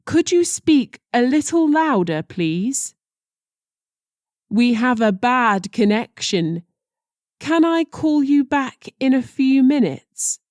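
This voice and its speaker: Slow, careful woman reading phrases. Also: high voice, very animated, darkish tone, dry recording, studio quality. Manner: slow and deliberate, careful pronunciation. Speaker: language teacher.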